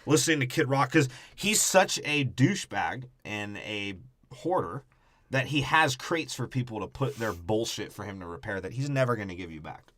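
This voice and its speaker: Crude joking podcast man, bright voice. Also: medium pitch, animated, normal speed, no echo. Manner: jokey, crude, puts on mocking quote voices. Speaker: podcast co-host. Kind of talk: casual crude movie riffing.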